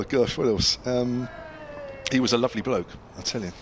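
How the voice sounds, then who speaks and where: A man's voice: medium pitch, normal speed, a little hiss or hum. An older English man commentating on cricket ball by ball, a former county player telling anecdotes between deliveries with a chatty storyteller's manner.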